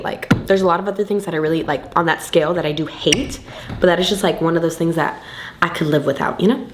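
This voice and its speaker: A woman's voice: fairly low pitch, fairly quick, reverberant, background noise. A tipsy young woman rambling loosely through a get-ready-with-me vlog, slangy and full of swearing. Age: young adult. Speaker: beauty vlogger.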